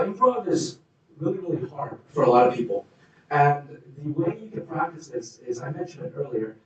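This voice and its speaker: A man's voice: a little high, darkish tone, far from the mic, dull audio. A man giving a live workshop talk, answering audience questions with coaching tips and acted demonstrations of how people sound. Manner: coaching, demonstrates voices and moods. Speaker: workshop speaker. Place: meeting room. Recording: echoey room, speaker off mic.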